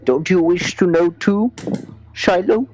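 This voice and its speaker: A man voicing a squeaky-voiced, suspicious young man in a tabletop game, pressing his point. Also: slow, a little mellow, slight background noise, low-quality recording. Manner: pressing, persuasive.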